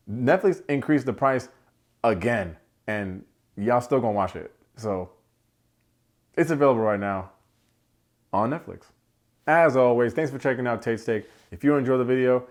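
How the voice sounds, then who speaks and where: A man hosting a casual film review, animated, slangy and joking as he rants. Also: fairly low pitch. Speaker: movie reviewer, channel host.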